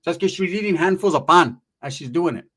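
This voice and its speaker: A man's voice: on the high side, animated, quick pace, sharp tone. Profane man telling street stories. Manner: profane street slang, keeps asking "right?". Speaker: storyteller. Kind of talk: casual storytelling.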